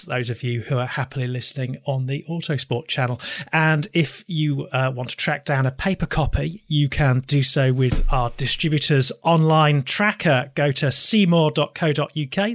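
A man's voice: on the high side, a bit bright, no echo. A man from East Yorkshire, hosting a podcast and signing off with dry humour. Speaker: podcast host. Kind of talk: casual chat, show sign-off.

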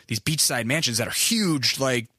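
A man's voice: mid-range voice, lively intonation, moderate pace, bright, forceful tone, no echo, studio quality. A young man hosting a podcast, telling a long story in a loose, profane, rambling way with many restarts. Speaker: podcast host. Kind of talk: casual storytelling monologue.

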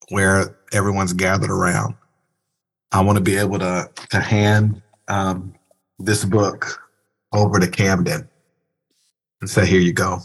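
A pastor speaks in a low, slightly husky voice, earnest and reflective as he talks through his thoughts. His tone is conversational, and now and then he leans into animated asides. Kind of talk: conversational interview.

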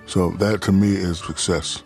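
A middle-aged man answering interview questions in a relaxed storytelling way, often saying "you know". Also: deep voice, a little slow, soft background music. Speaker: interview guest, author.

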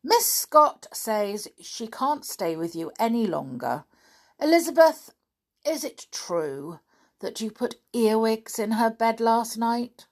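A woman voicing a loving but stern mother, speaking firmly and in a measured way for a storybook reading. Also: fairly high pitch, very animated, voice pushed up, exaggerated voice. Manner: firm and measured. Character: stern loving mother scolding her daughter.

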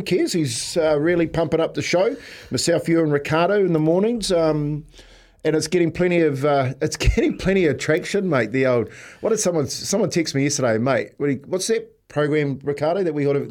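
A man's voice: fairly high pitch, a little fast, darkish tone. A man with a New Zealand accent hosting a casual breakfast radio show, rambling through the lineup and telling stories with frequent laughs. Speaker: radio host.

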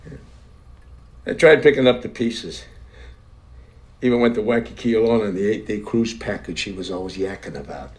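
An actor playing a lonely old widower, folksy and reflective, in a film scene. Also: male voice, lowish voice, normal speed, pauses often, lightly acted. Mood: wistful. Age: older.

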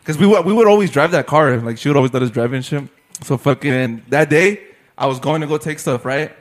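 A man's voice: a little high, brisk, faint music behind. A young man telling a rambling story in casual chat with friends, full of swearing, fillers and laughter.

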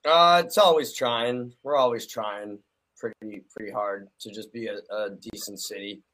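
A man's voice: lowish voice, fairly even intonation, normal speed, a bit bright, rough recording. Laid-back man from Cleveland. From Cleveland, USA. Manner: laid-back, hesitant, drawling. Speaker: guest rapper. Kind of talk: casual comedy podcast chat.

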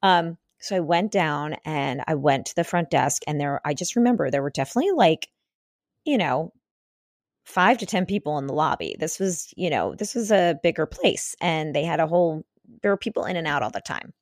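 A woman in her thirties hosts her podcast solo, talking in a casual, rambling way full of fillers and restarts. Her voice sits low for a woman, and the sound is dry and close with no room around it. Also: animated, moderate pace, dry recording. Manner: chatty storytelling with many fillers and restarts. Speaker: podcast host.

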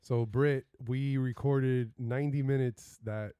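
A man hosting a podcast in a studio, joking and animated, tossing out shout-outs on a studio microphone. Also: mid-range voice, a little slow, clean tone, no echo. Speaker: podcast host. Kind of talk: casual podcast chat.

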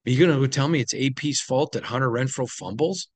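A man's voice: mid-range voice, fast talker, breathy edge, dry recording. Tired, opinionated man, dry recording. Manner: conversational, opinionated, with frequent ums and restarts. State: tired, yawning. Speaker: sports team insider host. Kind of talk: solo podcast recap.

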